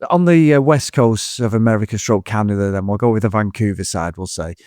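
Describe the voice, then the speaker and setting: A man co-hosting a film podcast, rambling and animated in casual chat, swearing freely. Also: on the low side, a little fast, no room sound, clean studio sound. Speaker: podcast co-host.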